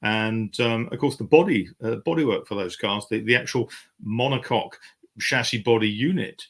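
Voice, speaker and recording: A man's voice: mid-range voice, moderate pace. A man in his sixties, a guest commentator, chatting in detail about classic racing cars, with frequent fillers. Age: 60s. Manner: knowledgeable, detailed, many fillers. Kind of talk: casual chat.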